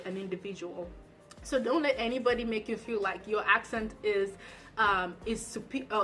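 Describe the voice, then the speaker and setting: A woman's voice: on the high side, fairly bright tone, slight background noise. A young woman who moved to the United States, giving chatty, casual advice to camera with lots of fillers. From abroad, migrated to the United States. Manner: chatty, storytelling, many fillers. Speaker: vlogger.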